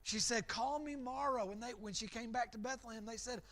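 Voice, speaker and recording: A man's voice: very high-pitched, steady tone, a little fast, a bit bright. A man, a pastor, giving an evening Bible lesson as an imaginative story, often repeating words as he goes. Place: church.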